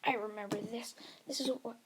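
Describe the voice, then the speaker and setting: A woman voicing a cold, mocking male alien tyrant in an amateur fan-story reading, speaking quietly and condescendingly. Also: on the high side, fairly even intonation, brisk, slight background noise, close to an everyday voice. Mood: smug.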